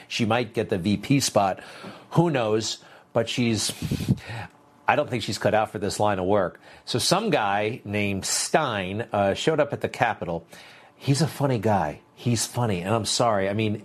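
A man's voice: lowish voice, slightly rough. A man hosting political commentary, sarcastic and dismissive in his opinions.

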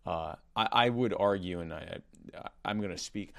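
Deep-voiced sardonic man ranting. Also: fairly quick, gravelly, a little hiss or hum. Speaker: podcast co-host. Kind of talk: casual chat.

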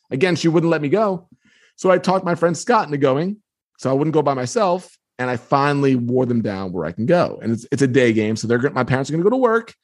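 A man in his fifties, from the New York area, telling a personal story with lively delivery as an interview guest. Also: medium pitch, a little fast, dry recording, studio quality. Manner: lively, acts out quotes in the story. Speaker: guest author. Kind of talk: anecdotal storytelling.

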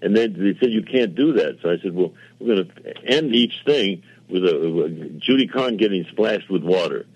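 A man's voice: low voice, lively intonation, normal speed, hardly any pauses, breathy edge. An older man, a television producer, telling long rambling anecdotes in a casual interview with quoted dialogue and self-mocking asides. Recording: dull lo-fi radio audio.

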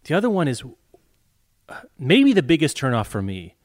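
A man's voice: a little high, wildly swooping pitch, normal speed, no room sound. A man co-hosting a casual book-discussion talk, wry and chatty, with many fillers and restarts. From not from the US South. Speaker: podcast co-host.

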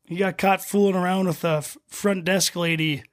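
A man's voice: sits high, fairly even intonation, normal speed. A young man in his twenties co-hosting a podcast, chatty and eager, jumping in often. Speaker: podcast co-host. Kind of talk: casual chat.

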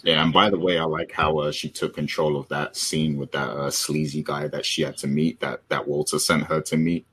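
A man's voice: a bass voice, level tone, moderate pace, hardly any pauses, a bit bright, slight background noise. A man hosting a casual TV recap chat, steering the talk and asking his co-hosts for their views, with many fillers. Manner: leads the talk, prompts co-hosts, frequent fillers. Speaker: podcast host.

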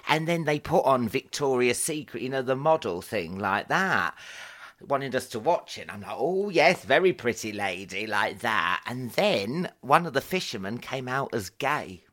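A man's voice: medium pitch, expressive, moderate pace, pushed and bright. A British man hosting a podcast, telling stories in a wry, conversational way. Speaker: podcast host. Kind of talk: casual chat.

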